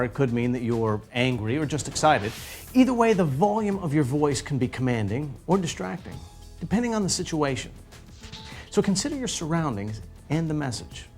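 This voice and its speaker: A man narrating a lesson from a script, with a fairly high voice that swoops widely in pitch. He plays up his emphasis in a playful, theatrical way. Soft music runs underneath. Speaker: narrator of an educational video.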